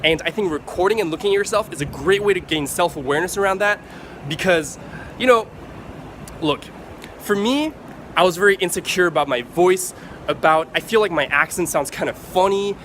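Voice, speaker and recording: A man vlogging to camera, giving casual advice in an animated way, swearing freely and acting out excited examples. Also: high-pitched, fairly quick, slight background noise.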